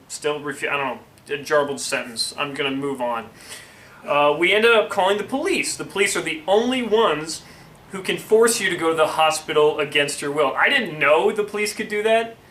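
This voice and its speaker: A man's voice: on the high side, bright, forceful tone. Wry young man, echoey room. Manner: wry asides, chuckling, rambling tangents. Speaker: host reading a friend's story. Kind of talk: casual comedic storytelling. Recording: echoey room with faint noise.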